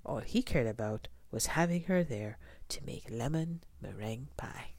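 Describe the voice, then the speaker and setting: A woman reading a children's storybook aloud, gentle and expressive. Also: a bass voice, moderate pace, husky, no room sound.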